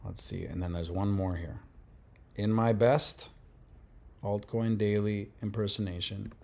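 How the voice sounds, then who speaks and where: A man hosting a livestream, reading viewer comments in a relaxed, rambling casual chat. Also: on the low side, a little slow, vocal fry. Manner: relaxed, rambling, laughs often. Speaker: livestream host.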